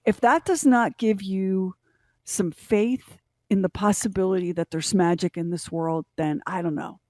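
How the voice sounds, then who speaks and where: A woman's voice: medium pitch, measured pace, darkish tone, no echo. A middle-aged woman co-hosting a morning show, telling a story in a casual, emotional way. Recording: dry studio sound.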